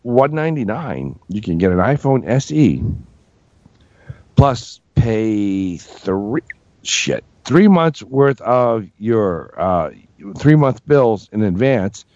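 A man with the hiccups chatting on a podcast, his pitch bouncing around animatedly as he jokes and swears. The sound is dry and slightly muffled, like a cheap lo-fi recording. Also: slow pace, dry recording. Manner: animated, joking, swears casually. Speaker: podcast co-host. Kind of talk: casual chat.

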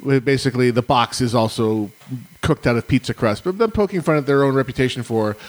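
A man's voice: mid-range voice, brisk. A man co-hosting a casual chat who chimes in with short quips and asides.

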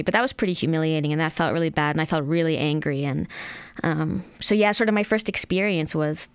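Smooth-voiced woman author, casual and chatty. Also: low-pitched, steady tone, fairly quick, dry recording. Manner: chatty, with many fillers and restarts. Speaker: author and interview guest. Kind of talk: casual interview talk and reading from her book.

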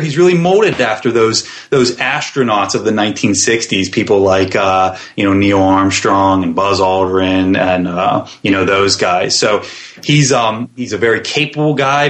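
A man's voice: fairly low pitch, fairly bright tone. A man, guest on a podcast, describing his web series in a thoughtful interview style with plenty of fillers and restarts.

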